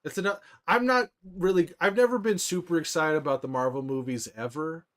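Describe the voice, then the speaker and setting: A young man chatting casually on a live stream, reading viewers' messages aloud and answering them in a relaxed, rambling way. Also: a little high, a little fast.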